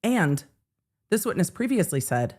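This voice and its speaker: A woman's voice: fairly low pitch, sing-song, measured pace, a little mellow. A woman hosting a live trial-commentary stream, blunt and sarcastic, swearing freely. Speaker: legal commentator host.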